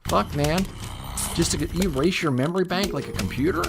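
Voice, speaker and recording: A middle-aged man hosting his own gaming channel, rambling through casual gameplay commentary with profane, deadpan sarcasm. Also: fairly high pitch, brisk, creaky, very noisy. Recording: loud music behind the voice.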